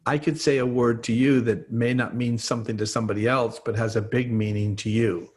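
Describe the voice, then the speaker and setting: A man's voice: mid-range voice, fairly even intonation, fairly quick, darkish tone. A man, an expert guest on a podcast, explaining trauma through everyday examples. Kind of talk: explanatory interview talk.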